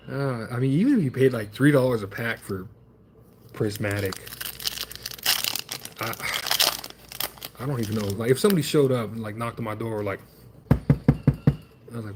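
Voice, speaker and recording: A man's voice: mid-range voice, background noise. A man streaming himself opening trading card packs, chatting in a rambling, wry, self-deprecating way.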